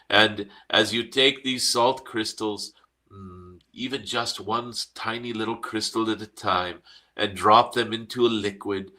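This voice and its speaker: Calm benevolent dragon spirit channeled by a man: low-ish, bright voice, serene meditation guide with soft hums. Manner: slow and serene, hums "mm" between phrases. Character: benevolent cosmic dragon spirit, gentle and wise.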